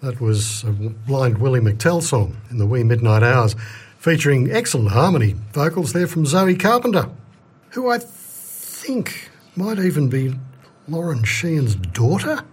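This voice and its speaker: A man's voice: medium pitch, a little slow, husky. A man hosting a radio music show, casually introducing songs and thinking aloud as he goes. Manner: relaxed, thinks aloud, unsure asides. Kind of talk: casual back-announcing between songs.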